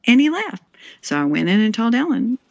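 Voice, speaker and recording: A middle-aged woman telling a family story in a casual interview, acting out the dialogue with lively laughter. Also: a little high, fairly quick, creaky, no echo. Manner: animated, acts out quoted dialogue, laughs often. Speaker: interview guest. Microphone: handheld recorder.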